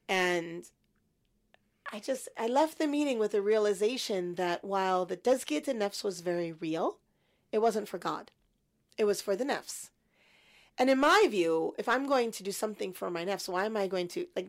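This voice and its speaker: A woman in her fifties, a guest in an interview, telling a personal story in a lively way and acting out her younger self. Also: medium pitch, creaky. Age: 50s. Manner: animated storyteller, acts out her past self.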